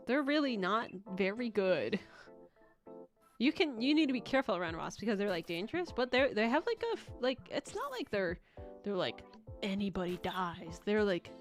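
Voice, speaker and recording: A woman's voice: medium pitch, fairly bright tone. A young woman streaming from home, chatting casually with viewers in a rambling, giggly way, with bursts of squealing baby talk.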